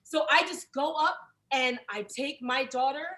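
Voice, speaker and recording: A high-voiced young woman telling a stand-up story over a video call. She is brash and profane and jumps into the voices of the people in her tale. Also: a little slow, bright, forceful tone. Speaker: stand-up comedian.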